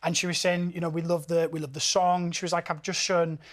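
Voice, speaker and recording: A man in his thirties with a Yorkshire accent, a singer telling stories as an interview guest, lively and laughing often, restarting his sentences. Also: on the high side, fairly quick. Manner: animated, laughs often, repeats words as he restarts. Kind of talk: casual interview chat.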